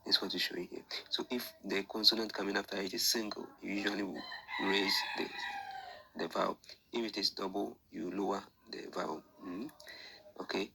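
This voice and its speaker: A low-voiced man teaches an online class. He explains each step patiently, repeats himself and thinks aloud with small fillers. His voice is gravelly and forceful, with a faint hiss of noise behind it. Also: flat delivery, moderate pace, low-quality recording. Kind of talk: screen-share lesson explanation.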